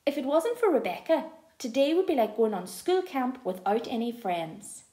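A woman reading a first-person audiobook aloud in an expressive, lively storytelling manner. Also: fairly high pitch, moderate pace. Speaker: audiobook narrator. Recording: echoey room.

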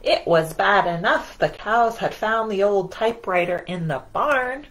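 A woman librarian reading a picture book aloud at children's storytime, animated and asking the kids questions. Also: mid-range voice, a little slow, poor audio.

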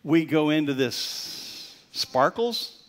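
Preaching at a measured pace in a mid-range voice, an older male pastor gives a Father's Day sermon that shifts between loud, emphatic declarations and soft, near-whispered stories.

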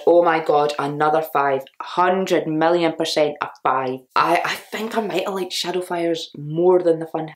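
A young woman with a slightly low voice gives a casual, chatty book review. She rambles and gushes, with lots of filler words between her thoughts. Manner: rambling, frequent "like" fillers, gushing. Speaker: vlogger reviewing books.

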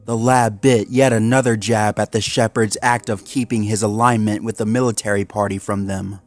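A man narrating a dark fan story in a steady, measured reading. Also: lowish voice, soft background music.

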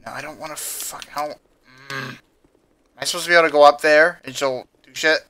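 A man's voice: on the high side, steady tone, a little fast, pushed and bright. A man hosting a gameplay video, reading item lore aloud and then cursing in exasperated rants at the game. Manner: profane, exasperated ranting. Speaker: gaming channel host.

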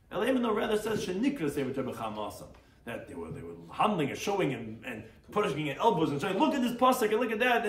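A man, a rabbi teaching a daily Talmud class, reads Aramaic phrases and explains them in English, acting out the sages. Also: fairly high pitch. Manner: animated, acts out the quoted sages. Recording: echoey room, far from mic, faint noise.

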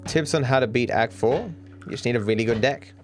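A man's voice: medium pitch, fairly quick, soft background music. An Australian man livestreaming a game, chatting offhand and answering viewers' questions. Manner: offhand, reads and answers chat. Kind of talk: casual chat while gaming.

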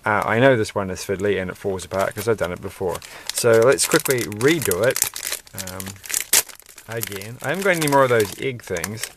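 Gravelly low-voiced man musing while building. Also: animated, normal speed, noisy background. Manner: rambling, musing aloud, mildly self-deprecating. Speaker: toy building vlogger. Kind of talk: casual building commentary.

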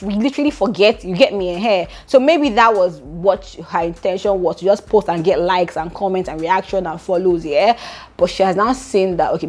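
A Nigerian woman hosting a gossip vlog, chatting animatedly and dropping into pidgin asides. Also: medium pitch. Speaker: gossip vlogger. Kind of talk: casual gossip chat.

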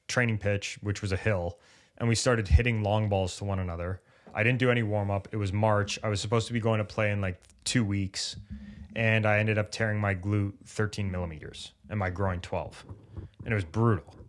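A man co-hosting a podcast on sports injury recovery, who talks casually and acts out the thoughts of injured athletes in lively bursts. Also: fairly low pitch. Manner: animated, acts out athletes' inner voices.

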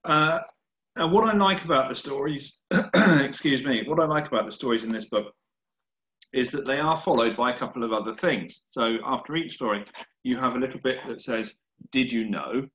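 A man's voice: medium pitch, normal speed, fairly bright tone. Male podcast host, chatty questions, echoey room, dull audio. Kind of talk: interview questions.

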